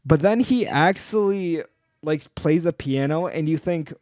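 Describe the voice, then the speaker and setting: A man's voice: a little high, a little slow, darkish tone, dry recording, clean studio sound. A young man co-hosting a casual podcast, talking with enthusiasm, rambling through restarts and fillers. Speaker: podcast co-host.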